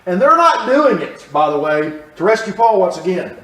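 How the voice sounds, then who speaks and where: High-voiced man teaching Bible study in an echoey room. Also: big pitch swings, normal speed, a bit bright. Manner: conversational, asks the class questions. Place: church room. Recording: roomy, from a distance.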